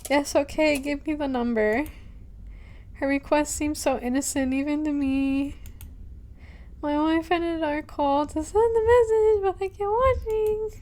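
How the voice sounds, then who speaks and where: A woman's voice: sits high, a little slow, a little mellow. A woman streamer playing a horror game, reading the game text aloud and reacting with anxious, nervous laughter. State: anxious and jumpy. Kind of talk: horror game let's play. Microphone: headphones with mic.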